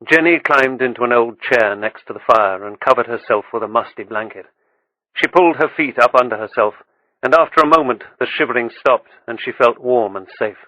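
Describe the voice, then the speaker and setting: A man reading an audiobook with steady, measured storytelling. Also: medium pitch, dry recording, low-quality recording. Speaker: audiobook narrator. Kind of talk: scripted audiobook narration.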